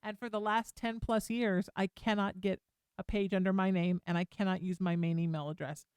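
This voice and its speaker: Woman, middle-aged, call-in radio host, playful, self-mocking, smooth voice. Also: mid-range voice, fairly even intonation, normal speed, dry recording, clean studio sound. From Irish heritage. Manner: chatty, playful and self-mocking, warm toward callers. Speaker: radio talk show host. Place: radio studio.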